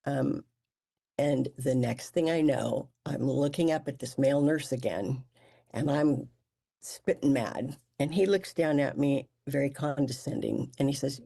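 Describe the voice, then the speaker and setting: Gravelly, husky-voiced storyteller. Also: mid-range voice, dark tone. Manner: halting, with frequent restarts and stammers. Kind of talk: personal testimony storytelling.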